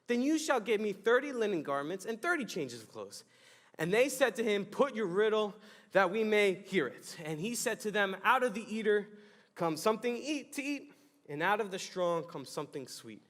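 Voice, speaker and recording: Animated young man preaching in a hall. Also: sits high, moderate pace. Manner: animated, jokey storytelling with acted-out exclamations. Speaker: youth pastor. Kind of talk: youth sermon. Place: church youth hall.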